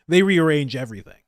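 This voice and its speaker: Male commentator, animated and emphatic, slightly high voice, dry recording. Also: dry recording. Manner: animated, laughing, emphatic repetition. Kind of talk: casual political commentary.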